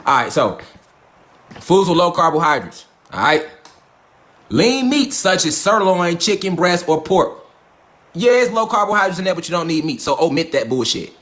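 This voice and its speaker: A man hosting a livestream, preaching in a profane, fast, mocking rant. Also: sits high, sing-song, fairly bright tone, reverberant. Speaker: livestream host.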